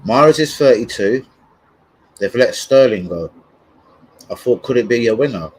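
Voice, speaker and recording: Husky sweary football streamer. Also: male voice, mid-range voice, animated, normal speed, darkish tone, rough recording. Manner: rambling, sweary, loses his thread. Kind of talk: casual livestream chat.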